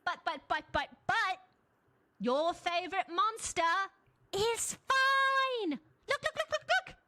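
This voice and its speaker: A woman voicing an excitable male time-traveller hero with a bouncy, announcing delivery. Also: extremely high pitch, measured pace, no echo, studio quality, voice pushed up, heavily acted. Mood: coaxing.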